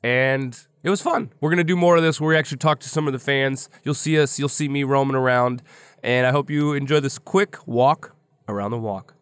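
A man's voice: medium pitch, brisk, clean tone. A man co-hosting a casual show, joking and laughing as he introduces segments and chats with fans. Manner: joking, upbeat, laughs often. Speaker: podcast co-host. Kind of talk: casual chat and fan interviews.

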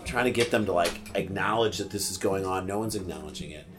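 A middle-aged man, a podcast guest, telling a personal story in casual chat, animated and swearing freely, acting out what people said. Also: sits low, quick pace, music in the background.

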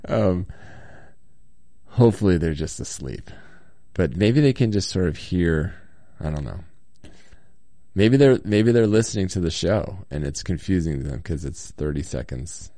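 A man's voice: low-pitched, animated, measured pace, pauses often, mellow, dry recording, studio quality. A man hosting a casual solo talk show from a hotel room, reading listener comments with a slight cold, rambling with lots of ums and little chuckles.

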